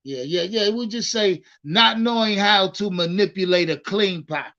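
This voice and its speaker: A man hosting a casual livestream about football, talking in an animated, profane way and repeating words as he starts his thoughts. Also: high voice, normal speed, lo-fi sound. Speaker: livestream sports host.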